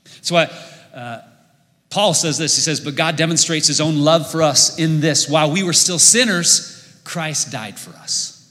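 A man preaching a sermon, retelling a Bible story with loud bursts of emphasis and hushed, quiet asides. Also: a little high, measured pace. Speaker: pastor. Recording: long hall reverb.

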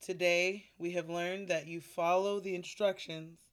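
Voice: mid-range voice, level tone, measured pace. A host on a casual talk show, amused and wry, summing up the lesson of a guest's story.

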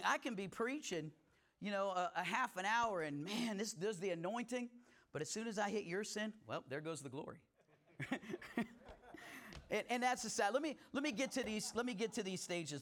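A man's voice: high-pitched, a bit bright. A middle-aged male pastor preaching a sermon in a conversational way, with folksy asides and rising emphasis.

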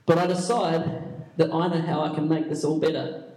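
A man's voice: fairly high pitch, level tone, normal speed, darkish tone. A young man speaking as a youth pastor, telling comic, self-mocking stories to a youth audience. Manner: playful, self-mocking, jokey asides. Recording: echoey room, mic at a distance.

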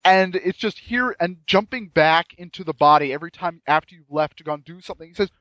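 A man's voice: high voice, fast, hardly any pauses, a bit bright, no room sound. A man chatting casually and enthusiastically about a game, rambling with frequent restarts, on dull lo-fi audio. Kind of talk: casual chat reviewing a game.

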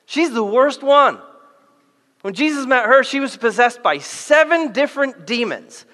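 Male pastor, playful and animated, bright forceful tone, long hall reverb. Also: very high-pitched. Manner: animated, playful, acts out quick voices for biblical characters. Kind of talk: sermon.

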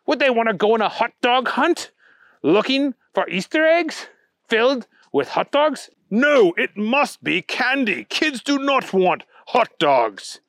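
A man voicing a fussy Easter Bunny who lectures in a high, prim storybook voice. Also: big pitch swings, measured pace, a bit bright, no room sound, clean studio sound, exaggerated voice. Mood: scolding.

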